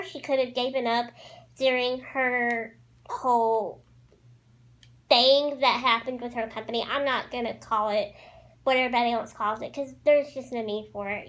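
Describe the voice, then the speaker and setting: A woman's voice: fairly high pitch, a bit bright, poor audio. A woman chatting casually through a makeup tutorial, bubbly and gushing about the products. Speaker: beauty vlogger.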